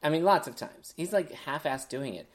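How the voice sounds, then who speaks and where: A podcast co-host chatting casually about a movie in a relaxed way, with plenty of fillers. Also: mid-range voice, moderate pace.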